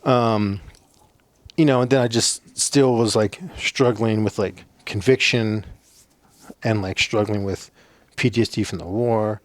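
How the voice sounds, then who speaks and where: Middle-aged guy from the navajo rez, lowish voice, rambly, swears a lot, dry sound. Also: fairly even intonation, unhurried, no echo. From Navajo reservation, United States. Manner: rambling, lots of fillers and cursing. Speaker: podcast guest, former soldier. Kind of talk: casual storytelling.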